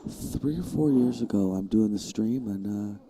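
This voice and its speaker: A man's voice: lowish voice, normal speed, warm tone, a little hiss or hum. A man giving chatty live commentary on a pool match, rambling and dropping to a near-whisper during shots.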